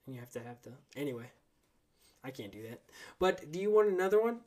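A man's voice: a little high, big pitch swings, fast, darkish tone. A man hosting a podcast in casual chat, teasing his guest in a dry way. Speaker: podcast host.

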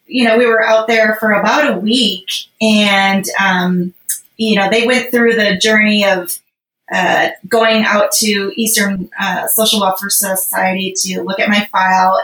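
A woman's voice: mid-range voice, fairly bright tone. A woman guest on a podcast, telling a personal story in a casual, rambling way with lots of fillers. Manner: rambling, emotional, heavy on fillers. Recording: roomy echo.

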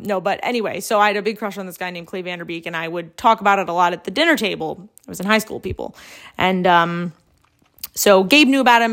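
A woman's voice: medium pitch, fairly bright tone. Chatty young woman podcast co-host. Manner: chatty, laughs often, many fillers. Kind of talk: casual podcast chat.

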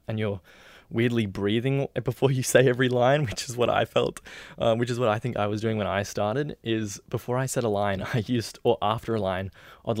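Aussie guy rambling about acting and short films, laughs at himself a lot, mid pitch, dead dry room. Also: darkish tone, no echo. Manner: chatty and rambling, laughs at himself, many fillers. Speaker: aspiring actor and filmmaker. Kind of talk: casual advice talk to camera.

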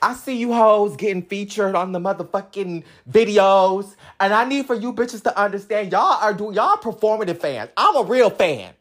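A woman's voice: medium pitch, lively intonation, moderate pace, few pauses. A young adult woman in a sassy, combative comic rant, bragging profanely about being the top fan. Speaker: comedic ranting fan. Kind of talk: comedic rant to camera.

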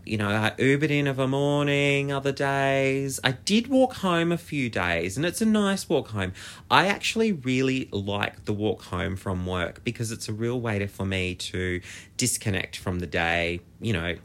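An Australian man hosting a podcast, telling a story in a chatty, animated way, swearing and filling with "like". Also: mid-range voice, measured pace. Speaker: podcast host. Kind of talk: casual storytelling monologue.

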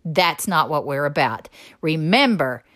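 A middle-aged woman, giving chatty, energetic coaching tips to network marketers. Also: deep voice, measured pace. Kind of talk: motivational talk to camera.

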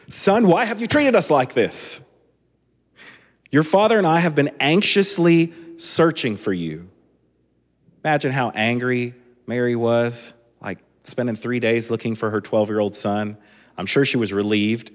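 A man in his thirties preaching a sermon as a pastor, relaxed and conversational with chatty asides. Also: lowish voice. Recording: long echoing hall reverb.

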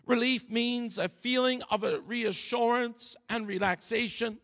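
High-voiced, slow-preaching man. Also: fairly bright tone. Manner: slow, deliberate preaching cadence. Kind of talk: sermon. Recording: long reverb of a large hall.

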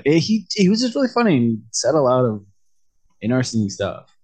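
A married man, a guest on a podcast, chatting in a relaxed way and laughing easily. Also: mid-range voice, normal speed. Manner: laid-back, easily amused. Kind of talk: casual chat.

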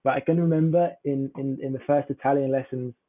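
A young man from southern England, with a southern English accent, chats casually as a podcast guest, rambling through filler words. His medium-pitched voice is brisk with fairly even intonation, recorded dry over a tinny, phone-like line.

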